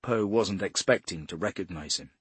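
Husky male audiobook narrator. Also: low-pitched, moderate pace, no room sound. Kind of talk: audiobook crime novel narration.

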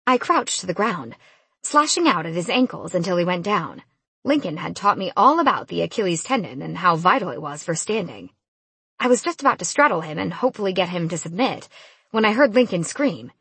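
A woman reading a first-person fantasy audiobook in an expressive, lively storytelling manner. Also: fairly low pitch, slightly rough, dry recording. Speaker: audiobook narrator.

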